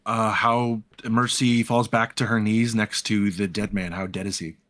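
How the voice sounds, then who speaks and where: A man's voice: fairly low pitch, level tone, a little slow, a bit bright. A man playing a character in a tabletop role-playing game, talking through his actions hesitantly with many fillers. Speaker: player.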